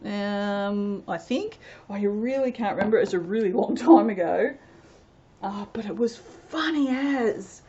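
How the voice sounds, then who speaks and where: Working on her soap-making channel, an Australian woman chats and rambles casually, laughing a lot and now and then letting out sudden loud exclamations. Her pitch is medium and her pace measured, though the audio sounds dull and a noisy crowd carries on behind her.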